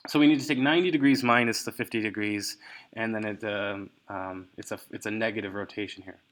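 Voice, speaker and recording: Halting male engineering lecturer. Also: on the low side, fairly even intonation, a bit bright. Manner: halting, many fillers and self-corrections. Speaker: engineering instructor. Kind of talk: recorded lecture walkthrough.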